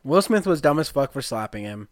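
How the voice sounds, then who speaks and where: A young man co-hosting a casual podcast, speaking bluntly and low-key with casual cursing. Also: big pitch swings, brisk, no room sound, clean studio sound. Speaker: podcast co-host. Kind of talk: casual chat.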